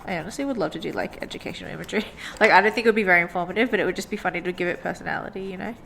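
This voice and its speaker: A young woman illustrator and vlogger sketches at her home desk by a sunny window, chatting casually to viewers in a fairly low, gravelly, slightly bright voice. She talks rapid-fire and rambles, full of "like" fillers, with a little hiss or hum on the recording.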